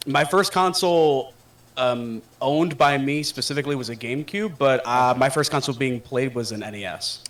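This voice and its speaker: A man's voice: medium pitch, moderate pace, a bit bright. A man chatting casually on a podcast, joking loosely and swearing. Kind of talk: casual chat.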